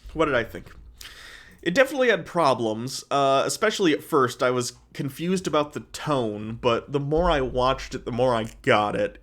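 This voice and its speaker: A man talks through his review of a television season in a loose, conversational way. He leans on fillers and often restarts his sentences. His voice sits at an ordinary middle pitch. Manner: chatty, filler-heavy, self-correcting. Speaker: show reviewer. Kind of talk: casual spoken review.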